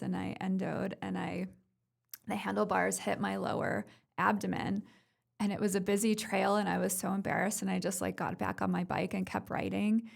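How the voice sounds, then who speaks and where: Woman with a heavy vocal fry. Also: medium pitch. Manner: chatty storytelling with frequent affirming interjections. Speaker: podcast host. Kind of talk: casual conversational podcast.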